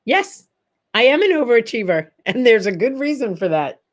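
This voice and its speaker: Older woman telling lively stories. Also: on the high side, normal speed. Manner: animated, acts out quoted voices in stories. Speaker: livestream host. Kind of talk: casual storytelling chat.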